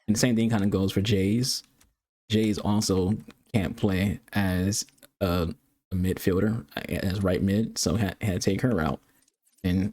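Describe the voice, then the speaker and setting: A man streaming a soccer video game, trash-talking opponents and rambling through casual commentary with fillers and restarts. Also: low voice. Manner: trash-talking, taunting, swearing. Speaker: gaming streamer. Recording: loud game music behind the voice.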